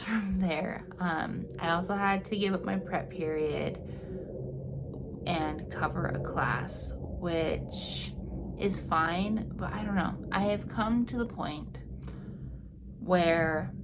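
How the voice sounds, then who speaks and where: A woman's voice: on the low side, noisy background. A woman in her twenties, a teacher, talking frankly to the camera in a personal vlog, tired and venting with lots of fillers. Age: 20s. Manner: frank, weary and venting, with frequent fillers and soft trailing words. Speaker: teacher vlogger.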